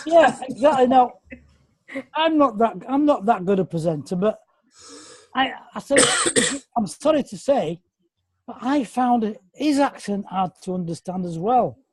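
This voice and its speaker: A man's voice: very high voice, expressive, a little slow, long pauses, no echo. An English man rambling and apologising during a casual group video call. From England. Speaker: meeting participant.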